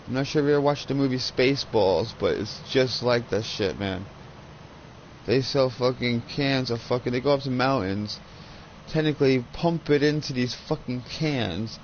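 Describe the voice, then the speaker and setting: Profane rambling gamer on a headset. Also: male voice, mid-range voice, muffled recording, a little hiss or hum. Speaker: gaming channel host. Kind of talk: casual chat while gaming.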